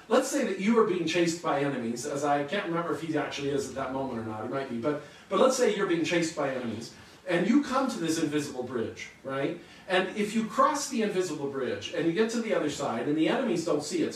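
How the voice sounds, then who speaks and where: A man delivers a sermon in a slightly high voice, posing rhetorical questions and answering them in an earnest teaching manner. He sounds set back from the mic in a very echoey room, with faint ambience underneath. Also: distant mic, a little hiss or hum. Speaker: pastor.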